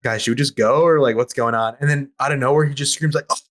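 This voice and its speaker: Fast-talking young man telling stories. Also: medium pitch, a bit bright. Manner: rapid, profane, filler-heavy storytelling. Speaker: podcast participant. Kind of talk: casual chat, storytelling. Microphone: remote call over voice chat.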